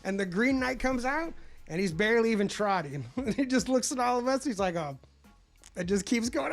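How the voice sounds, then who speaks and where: A man's voice: very high voice, animated, brisk, music in the background. A man hosting a casual podcast, telling a wild story with lots of laughter and swearing. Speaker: podcast host.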